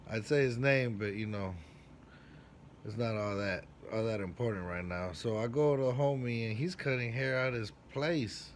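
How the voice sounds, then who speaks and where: A man who works as a barber, casually telling a personal story in street slang, with profanity and lively acted-out quotes. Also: moderate pace, slight background noise. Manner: animated, acts out quoted lines with big jumps in pitch and loudness.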